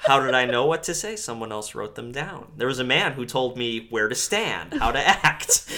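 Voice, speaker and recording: A man's voice: mid-range voice, sing-song, moderate pace, bright, forceful tone. A man co-hosting a podcast, recapping a movie in casual chat, joking and swearing with many fillers. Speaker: podcast co-host.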